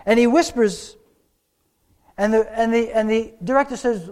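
A man preaching a sermon, telling a story with slow, dramatic pauses. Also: high voice, a little mellow.

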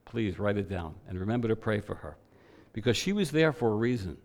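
A man preaching to a church, telling a personal story in an animated way and voicing the people in it. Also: on the low side, fairly quick. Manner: animated storytelling with quoted voices.

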